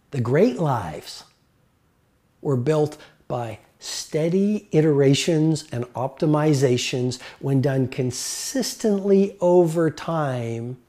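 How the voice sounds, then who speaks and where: A man's voice: high-pitched, mellow. A man giving a motivational lecture, speaking earnestly and emphatically and repeating key phrases.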